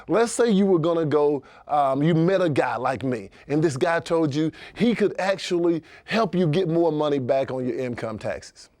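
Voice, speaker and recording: An energetic middle-aged man teaches sales technique in a slightly higher voice, acting out customer exchanges with animated shifts. The sound is dry and close, with no room echo. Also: moderate pace, few pauses. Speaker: sales trainer. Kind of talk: instructional sales training talk.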